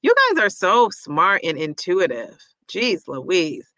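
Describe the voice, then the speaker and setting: A woman's voice: lowish voice, very animated, slow pace, fairly bright tone, dry recording. A woman hosting a casual livestream, chatting and reading viewer comments aloud, often repeating them back with a laugh.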